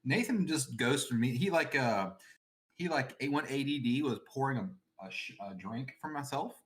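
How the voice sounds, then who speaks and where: A man's voice: mid-range voice, lively intonation, normal speed. A young man chatting among friends, rambling and repeating himself as he jokes. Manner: rambling, repeats words, joking. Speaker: podcast co-host. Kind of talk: casual chat among friends.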